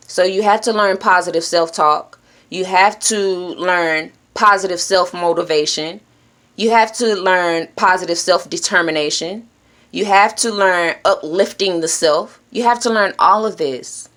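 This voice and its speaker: A woman giving an earnest, encouraging self-help talk straight to her viewers. She speaks directly and plainly, now and then dropping into hushed shushing. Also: fairly low pitch, measured pace. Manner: drops to a hushed whisper when shushing. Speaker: vlogger.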